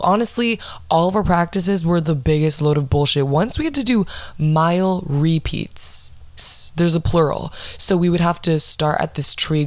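Young woman host, deep-set voice, dry close sound, foul-mouthed comic ranting storyteller. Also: dry recording. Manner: blunt, heavy swearing, dramatic asides. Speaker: podcast host. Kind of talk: casual profane storytelling rant.

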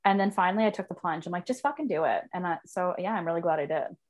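A woman's voice: lowish voice, fast talker, a little mellow. A young woman hosting a casual chat from her home office, talkative, laughing often and swearing casually. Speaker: podcast host.

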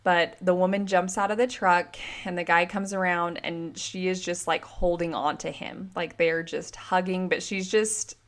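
A woman in her thirties hosting a relationship podcast, telling stories in a chatty, animated way and filling her talk with "like". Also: lowish voice, normal speed, hardly any pauses. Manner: chatty, animated storytelling with frequent "like". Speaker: podcast host and relationship coach. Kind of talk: casual solo podcast monologue.

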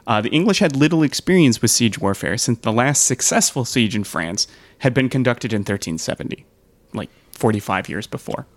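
A man's voice: mid-range voice, expressive, moderate pace. A man hosting a casual history podcast, telling the story with frequent fillers and read-out quotes. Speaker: podcast host.

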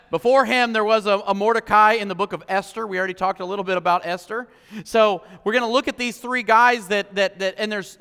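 A man preaching a sermon as pastor, impassioned, swinging from loud declarations to hushed, personal moments. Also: high-pitched, clean tone. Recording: long hall reverb.

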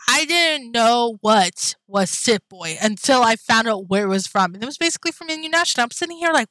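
A woman's voice: fairly high pitch, lively intonation, a little fast, pushed and bright, no room sound. A young woman vlogging casually, rambling with lots of fillers and talking straight to her viewers, blunt and swearing when riled. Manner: rambling, chatty, full of fillers and asides to viewers. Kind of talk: casual anime chat.

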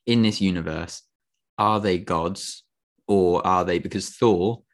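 Male podcast co-host, very low voice, easygoing jokey banter. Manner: joking, quick to laugh. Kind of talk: casual chat.

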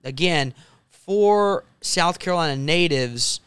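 A man hosting a casual political talk show, animated and jokey, with quick asides. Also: on the high side, clear, resonant tone, dry recording.

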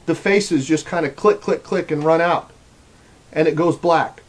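Earnest man with a higher voice. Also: a little slow. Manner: earnest, rambling, repeats words. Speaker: speaker giving a religious testimony. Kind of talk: personal testimony.

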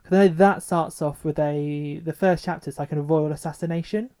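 A man's voice: fairly high pitch, fairly even intonation, fairly quick, warm tone, clear, resonant tone. A man co-hosting a podcast in casual chat, enthusiastic and teasing. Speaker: podcast co-host.

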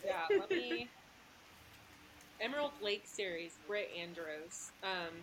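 A woman's voice: mid-range voice, animated, slow, a bit bright, slight background noise, rough recording. A woman author, a guest on a podcast, chatting casually with lots of fillers and giggles. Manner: giggly, filler-heavy, rambling.

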